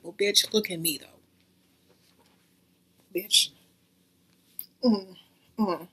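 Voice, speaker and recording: A woman's voice: mid-range voice, unhurried, pauses often, fairly bright tone, slightly rough. A woman, telling a brash, profane storytime rant to her viewers. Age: 20s. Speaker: YouTuber.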